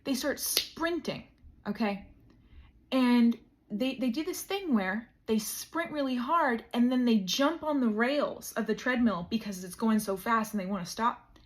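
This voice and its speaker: A woman's voice: on the high side, a little slow. A young woman vlogger telling a funny story in a casual chat, with dramatic, mock-grand emphasis.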